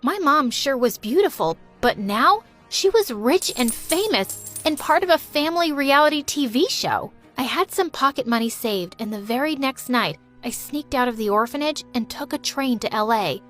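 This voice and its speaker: Voicing a teenage girl, a woman narrates a first-person story with lively, emotional animation over faint background music. She speaks fairly high at a moderate pace, barely pausing.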